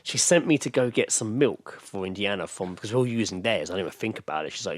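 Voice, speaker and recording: A man co-hosting a podcast, telling stories quickly in casual chat, swearing and acting out what people said. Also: lowish voice, animated, no room sound. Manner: rapid storytelling, swearing, acting out quotes. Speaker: podcast co-host.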